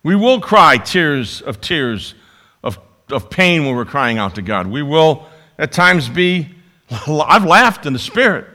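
A man preaching a sermon, swinging between loud emphasis and quiet asides. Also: on the high side, very animated, takes it slowly. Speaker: pastor.

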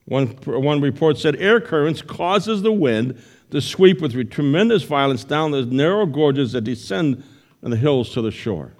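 A male pastor preaching a sermon to his congregation in church, retelling a story with shifting pace and loudness. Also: fairly high pitch, animated, a little slow.

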